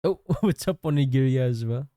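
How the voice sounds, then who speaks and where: A male livestreamer talks casually to his chat while drawing, thanking viewers as he goes. His pitch moves up and down a lot. His voice is warm and mellow, recorded close and dry. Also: normal speed, no room sound. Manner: chatty, thanks chat, lively ups and downs. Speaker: livestreamer and digital artist.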